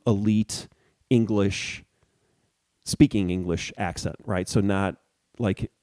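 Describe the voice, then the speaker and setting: A man's voice: on the low side, mellow, dry recording. A man co-hosting a podcast in casual chat, rambling and restarting as he searches for words. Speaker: podcast co-host.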